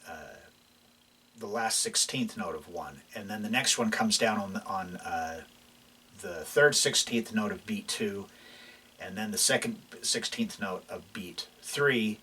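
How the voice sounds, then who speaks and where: A lowish male voice comes from a distant mic with a little hiss or hum, speaking a little slowly as guitar plays in the background. He's a relaxed instructor giving a casual lesson, explaining while he plays and often restarting amid many fillers.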